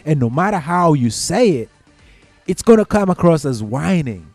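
A man's voice: fairly high pitch, big pitch swings, normal speed, darkish tone, no room sound, faint music behind. A man talking casually through workplace advice, repeating his points and checking in with the listener, saying y'all and folks. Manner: conversational, uses y'all and folks. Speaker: commentator.

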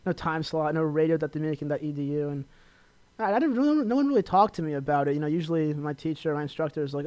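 A man's voice: on the high side, fast talker, darkish tone, no room sound. A young man from Los Angeles hosting a college radio show, chatting casually and rambling with lots of fillers as he promotes himself. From Los Angeles, California. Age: young adult. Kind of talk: casual solo radio talk.

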